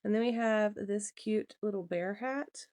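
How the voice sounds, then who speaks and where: A woman hosting a crafts video, chatting casually and gushing with warm emotion over each item. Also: mid-range voice, measured pace. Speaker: podcast host. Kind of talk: casual chat to camera.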